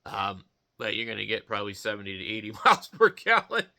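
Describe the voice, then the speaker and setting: A man vlogging a casual rant, swearing constantly and mocking people in an animated, loose way. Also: fairly low pitch, fast talker, creaky. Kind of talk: profane casual rant to camera.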